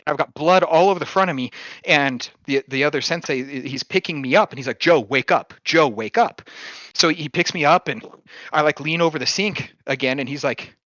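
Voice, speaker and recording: Bright-voiced man telling a wild story. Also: on the high side, fairly quick, no echo, muffled recording. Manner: lively, swears freely, chuckles through his story. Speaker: podcast host telling a story. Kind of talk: casual storytelling chat.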